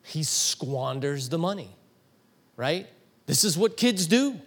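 Middle-aged male preacher, slightly high voice, lively storytelling sermon, builds to emphatic peaks. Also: slow. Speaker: pastor.

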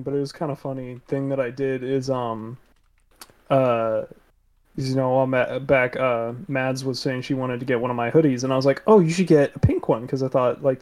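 A man's voice: mid-range voice, darkish tone. A young man co-hosting a casual podcast chat, easygoing and laughing often. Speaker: podcast co-host.

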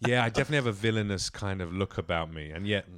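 A man with a British accent, a comedian guest chatting casually on a podcast and acting out quick bits in other voices. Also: fairly low pitch, a crowd in the background. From England. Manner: animated, slips into put-on voices for bits.

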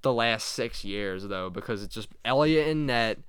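Low-voiced young man, smooth and dry. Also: expressive, normal speed, a bit bright, no echo. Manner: blunt, casual, ranting. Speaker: podcast co-host. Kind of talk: casual sports chat.

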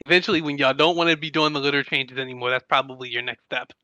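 An easygoing man co-hosts a casual podcast. His voice is very bright and smooth, and the sound is dry and close. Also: mid-range voice, steady tone, quick pace, no room sound, highs cut off. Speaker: podcast co-host.

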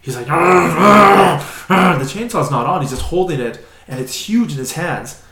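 A man co-hosting a podcast, telling a story in a casual, animated, rambling way and using "like" often. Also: medium pitch, brisk, a crowd in the background. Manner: animated, rambling, many "like" fillers. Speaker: podcast co-host. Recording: roomy echo.

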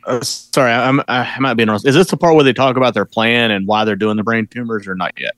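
A man's voice: mid-range voice, steady tone, fast talker, fairly bright tone, no echo. A man co-hosting a casual podcast, chiming in with hesitant, filler-heavy remarks and checking plot details. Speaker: podcast co-host. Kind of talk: casual chat.

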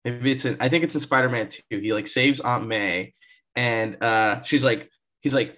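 A man co-hosting a casual movie review chat, animated and joking. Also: medium pitch, moderate pace. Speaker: podcast co-host.

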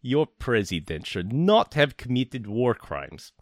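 A man's voice: medium pitch, sing-song, slow, no echo, clean studio sound, pitched above the performer's own voice. A man putting on a menacing Russian hacker. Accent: put-on thick Russian.

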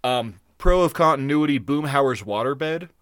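Loose and profane, this young podcast co-host laughs frequently as he talks. He has a medium-pitched, expressive, slightly bright voice with a clear, resonant tone, speaking a little slowly in clean studio sound with no room noise.

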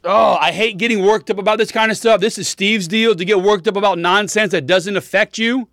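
Brief: riled-up male host, high bright voice, dry close sound, cursing commentary. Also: brisk, few pauses, no echo. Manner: heated, profane, riled-up. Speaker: podcast host. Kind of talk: political commentary rant.

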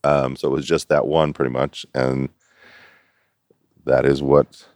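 A middle-aged man with an extremely deep voice tells a story in a relaxed interview, laughing easily and jumping into the voices of the people he quotes. The sound is dry and close, with no room around it. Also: a little slow, no room sound. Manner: animated storyteller who acts out quotes and laughs often. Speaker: interview guest.

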